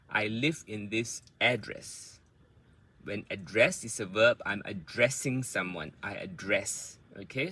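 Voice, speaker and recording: Male English tutor, unhurried and deliberate, bright forward tone, repeats words for drill. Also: lowish voice, rough recording. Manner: patient, explains step by step with many fillers. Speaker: English teacher. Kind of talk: pronunciation lesson.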